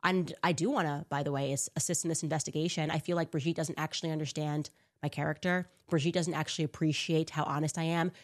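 A woman's voice: sits low, steady tone, quick pace. A woman hosting a commentary show, talking in a sarcastic, mocking way and firing off rhetorical questions. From United States. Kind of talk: casual commentary monologue.

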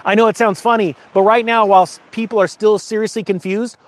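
A man's voice: sits high, fairly even intonation, fast. A middle-aged man hosting his own channel, talking casually and emphatically, rambling and getting emotional. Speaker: channel host. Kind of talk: casual to-camera talk.

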